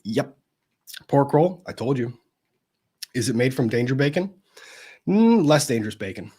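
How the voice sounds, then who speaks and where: A man hosting a casual live stream, reading viewers' greetings aloud in a chatty way, his pitch swinging up and down as he goes. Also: lively intonation, moderate pace, warm tone, slightly rough. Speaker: livestream host of a legal commentary show.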